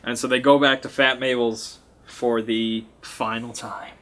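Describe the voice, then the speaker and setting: A man's voice: mid-range voice, little pitch movement, a little slow, a bit bright. A man acting as game master, casually recapping a tabletop game session in a chatty way. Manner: chatty, acts out sound effects and lines, laughs.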